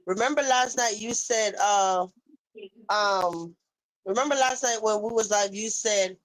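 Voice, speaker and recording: Woman hosting a live chat, calm and probing, mid voice. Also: medium pitch, poor audio. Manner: probing and measured, recalling earlier remarks. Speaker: commentary show host. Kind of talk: casual live-stream chat.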